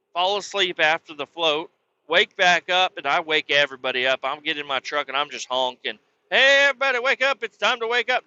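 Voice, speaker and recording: A man telling crude, excitable stories on his podcast, acting out both sides of arguments. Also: a little high, clear, resonant tone, dull audio. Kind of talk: casual storytelling.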